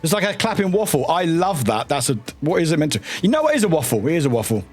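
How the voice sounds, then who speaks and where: A man chatting casually on a live stream, excitable and often laughing and swearing. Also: a little high, fast, slightly rough, faint music behind.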